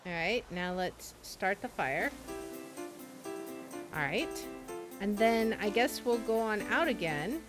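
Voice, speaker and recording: A woman's voice: mid-range voice, animated, slow, pauses often, music in the background. A woman streaming a video game, thinking aloud in a casual, tentative way as she plays.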